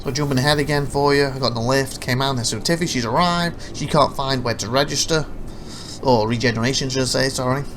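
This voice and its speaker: A man's voice: mid-range voice, fast talker, noisy background. A man narrating his own gameplay footage as a let's play, rambling through anecdotes with frequent restarts. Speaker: gameplay commentator.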